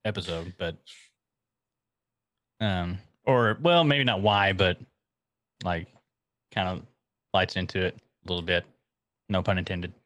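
A man's voice: low-pitched, slow, long pauses, a bit bright, no echo. A man co-hosting a casual podcast, playful and jokey, laughing a lot. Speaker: podcast co-host. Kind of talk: casual chat.

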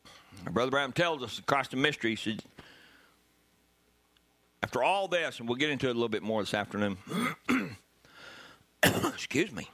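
A man preaching a sermon as pastor, animated and bursting into loud emphasis. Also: medium pitch, moderate pace, pauses often.

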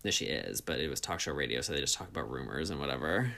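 Lively lower-voiced man in his twenties. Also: quick pace, creaky. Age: 20s. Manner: chatty, laughs a lot, lively. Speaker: podcast co-host. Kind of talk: casual chat.

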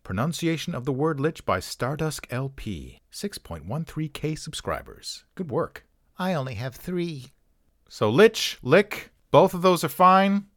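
Wry man with a lively, bouncing voice. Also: on the high side, unhurried, few pauses, dry recording, studio quality. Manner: wry, offhand asides and self-mockery. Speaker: host of a pronunciation channel. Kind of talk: casual talk-through with jokes.

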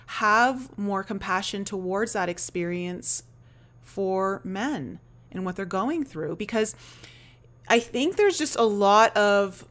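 A woman with a mid-range voice hosts a casual podcast interview. She is chatty and animated, drops in "like" and "you know", and reacts with feeling to her guest. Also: medium pitch, slow pace. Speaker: podcast host.

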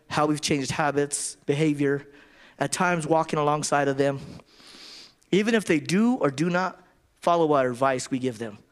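Man preaching, slightly high voice, conversational, repeats himself. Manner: conversational preaching with repetitions and restarts. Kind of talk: sermon.

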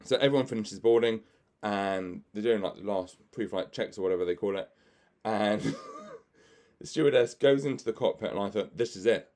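Speaking a little fast, this man has a fairly low, slightly mellow voice. He's a magician with a podcast, spinning chatty, anecdotal stories full of fillers and laughter while voicing the other people in them.

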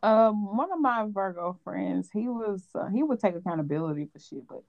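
A woman's voice: mid-range voice, lively intonation, moderate pace, creaky, hardly any pauses, dull audio. A young adult woman co-hosting a casual chat, often hedging and correcting herself as she talks, with frequent laughs. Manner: hesitant, self-correcting, laughs a lot. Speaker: podcast co-host.

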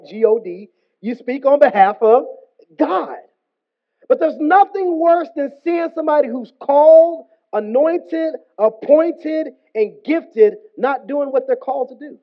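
High-voiced preacher with a humorous, casual delivery. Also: male voice, expressive, normal speed. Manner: casual, humorous, slangy storytelling. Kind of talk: sermon. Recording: dull lo-fi recording.

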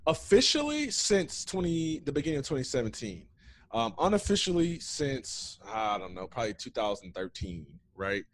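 Man, 30s, ex-athlete guest, chatty storyteller, medium pitch. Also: normal speed. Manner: animated storyteller, fillers like "man" and "um". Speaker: guest, former athlete and founder. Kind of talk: casual interview storytelling.

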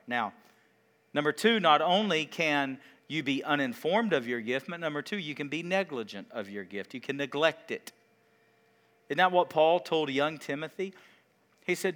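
A man preaching a sermon, asking the congregation questions and swinging between loud emphasis and quiet, drawn-out words. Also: a little high, expressive. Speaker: pastor.

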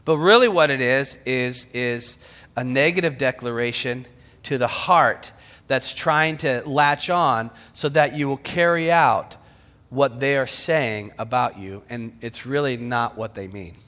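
A man preaching a sermon, dramatic, swinging from shouts to whispers. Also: mid-range voice, unhurried. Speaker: pastor. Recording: long hall reverb.

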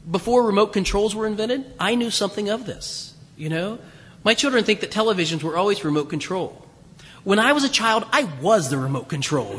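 A middle-aged man gives a chatty, joking sermon in a high, bright voice. He often stumbles over and restarts his sentences and breaks into chuckles. His voice rings with a long echo through a large church hall. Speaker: preacher. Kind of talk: conversational sermon.

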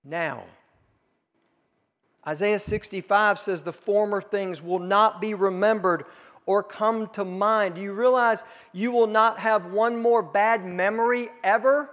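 A man preaching a sermon, piling up emphatic repeated phrases that build to forceful peaks. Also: sits high, measured pace. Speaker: pastor. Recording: long reverb of a large room.

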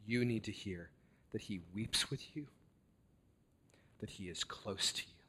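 A man preaching a sermon with earnest, deliberate delivery and dramatic emphasis. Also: on the low side, sharp tone, slightly rough.

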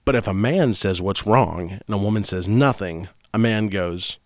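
A man's voice: on the low side, normal speed, no echo, studio quality. A man co-hosting a casual podcast chat, arguing his point and acting out little bits of dialogue. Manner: argumentative, acts out quoted dialogue with exaggerated voices. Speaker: podcast co-host.

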